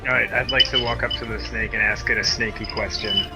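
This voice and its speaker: A man's voice: fairly low pitch, steady tone, a little fast, vocal fry, over loud music. A man playing a tabletop game, asking the game master playful questions. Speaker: player. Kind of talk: casual tabletop play chat.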